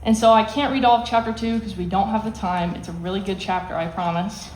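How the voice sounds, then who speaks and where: A woman's voice: mid-range voice, fairly even intonation, quick pace, a little mellow. Woman, youth Bible teacher, plain explanatory delivery, reverberant room with faint hiss. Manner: explains plainly, acts out quotes with emphasis. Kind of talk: teaching a Bible lesson to students.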